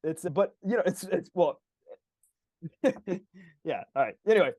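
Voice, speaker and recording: Male podcast host, animated and profane, slightly high pitch, dry booth sound. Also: a little slow, no room sound. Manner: animated, swears freely. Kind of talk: casual book discussion.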